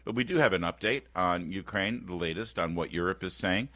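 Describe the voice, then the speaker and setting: A man in his fifties hosts a talk radio show with a slightly low, bright, forceful voice. His delivery is animated and sarcastic, full of quick restarts. The sound is close and dry, straight into a studio mic. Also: no echo. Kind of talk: casual opinionated talk radio chat. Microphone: close studio microphone.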